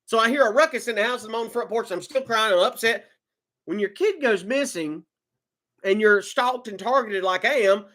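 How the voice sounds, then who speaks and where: A man telling a personal story in an emotional monologue, agitated, repeating words and swinging between loud outbursts and low muttering. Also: fast. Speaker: vlogger telling his own story.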